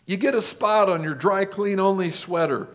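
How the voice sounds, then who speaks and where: A male pastor preaching a sermon, building his points with lists and rhetorical questions. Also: high-pitched. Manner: rhetorical questions, measured listing.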